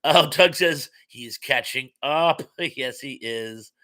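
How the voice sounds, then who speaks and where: A man's voice: mid-range voice, takes it slowly, sharp tone. A man hosting a live stream, chatting casually as he reads out viewer comments in a friendly, rambling way with many fillers.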